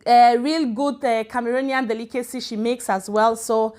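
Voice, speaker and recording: High-voiced african woman chatting on her livestream, greets viewers by name, mixes in swedish. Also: fairly even intonation, moderate pace, darkish tone. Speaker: livestream host. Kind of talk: casual livestream chat. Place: home in Sweden.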